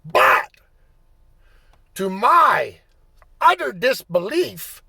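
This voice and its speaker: Guy telling a cussing story, lively up-and-down voice, gets loud when he's worked up. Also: very high voice, drawn-out words, gravelly, long pauses, slightly rough, no echo. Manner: animated, swearing, bursts into shouting when reliving anger. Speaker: storyteller recounting his playing days. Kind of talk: casual profane storytelling.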